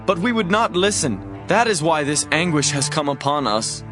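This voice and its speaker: A man's voice: a little high, very animated, normal speed, music in the background. An actor playing a frightened brother protesting his innocence in a dramatized scripture reading, with an anxious, pleading manner.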